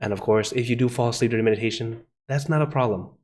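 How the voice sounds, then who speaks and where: Meditation host, male, mid-pitched; easygoing welcome with light laughs, then slow, soft breathing guidance. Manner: friendly, laughs softly between greetings. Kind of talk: live-streamed guided meditation. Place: outdoor meditation garden. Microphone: video call.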